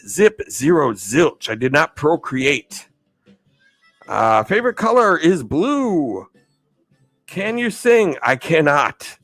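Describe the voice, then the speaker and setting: An American man hosts a live stream, answering chat questions in a chatty, casual way. He laughs often and loses his train of thought. His voice is medium-pitched and a bit bright, and the audio quality is poor.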